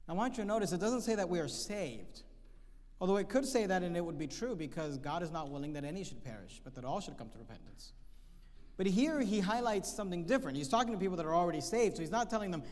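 A man preaching a sermon, emphatic, reading scripture slowly and repeating key phrases. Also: on the high side, big pitch swings. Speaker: pastor. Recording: long hall reverb.

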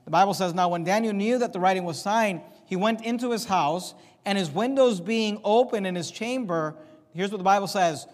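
High-voiced preacher in a reverberant hall. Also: male voice. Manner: expository preaching, paraphrasing scripture with emphatic pauses. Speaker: pastor. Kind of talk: sermon.

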